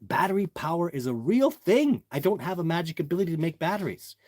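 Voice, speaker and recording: A man's voice: a little high, lively intonation, quick pace, darkish tone, no room sound. Emphatic man chatting on a livestream. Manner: emphatic, repetitive, addresses viewers as guys. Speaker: livestream host answering viewer chat. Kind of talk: casual livestream talk.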